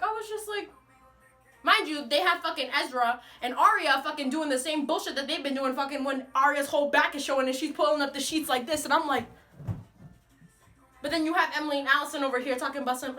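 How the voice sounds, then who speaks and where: Bright high-voiced young woman ranting. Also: a little fast, soft background music. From United States. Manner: animated, profane, exasperated. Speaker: vlogger. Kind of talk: ranting casual monologue.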